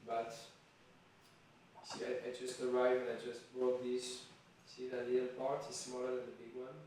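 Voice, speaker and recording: A man's voice: medium pitch, monotone, normal speed, darkish tone. A man vlogging casually, chatting to himself and his viewers and chuckling often, in a small room. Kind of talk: casual self-filmed vlog. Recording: very echoey room, distant mic, faint hiss.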